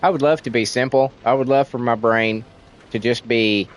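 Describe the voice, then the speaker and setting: Over poor audio, a medium-pitched, steady-toned voice speaks at a moderate pace. The speaker is a Tennessee man with a thick Southern accent, venting and rambling casually on a livestream while cursing freely.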